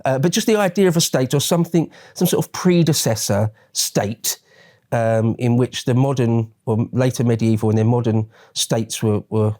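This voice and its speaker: A man's voice: mid-range voice, normal speed, darkish tone. A male host in a casual interview, chatting and asking long, rambling questions with frequent restarts.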